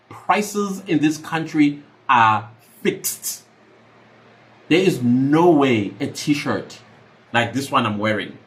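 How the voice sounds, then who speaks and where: South African male podcaster, animated pitch, slightly high voice, preachy and emphatic. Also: rough recording. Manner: emphatic and preachy, repeating points. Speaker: podcast host. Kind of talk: reaction commentary.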